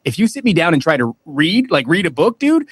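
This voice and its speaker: A man chats on a podcast, casual and emphatic, leaning hard on his points. His mid-pitched voice sounds dry and close. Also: big pitch swings, fairly quick, fairly bright tone, slightly rough, dry recording. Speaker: podcast guest.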